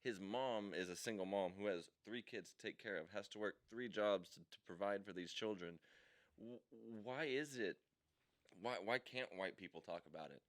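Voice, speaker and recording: A man with a fairly low voice holds forth on a podcast. He talks in heated, emphatic bursts and often restarts his sentences as he argues his point. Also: normal speed. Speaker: podcast co-host. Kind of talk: opinionated podcast chat.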